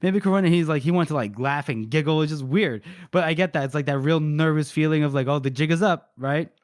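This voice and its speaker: A man's voice: a little high, fast, dry recording, clean studio sound. A man co-hosting a book podcast, recapping chapters in casual talk, swearing freely and acting out the characters' lines. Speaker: podcast co-host.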